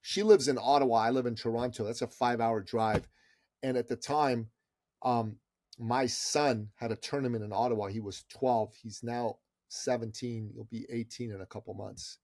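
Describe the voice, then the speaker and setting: A man's voice: mid-range voice, steady tone, normal speed, a little mellow, dry recording, clean studio sound. A middle-aged man telling a story as an interview guest, in an emphatic, persuasive way. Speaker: podcast guest.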